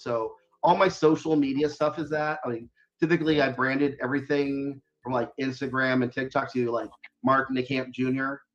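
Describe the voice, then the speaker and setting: A man's voice: medium pitch, fairly bright tone, highs cut off. A man, a guest author, chatting casually in an interview, rambling with lots of fillers and restarts.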